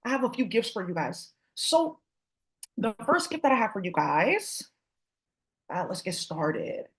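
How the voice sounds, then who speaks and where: A woman's voice: mid-range voice, big pitch swings, measured pace. A woman vlogger talking casually to her viewers, rambling, swearing and turning confrontational. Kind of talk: casual spiritual rant to viewers.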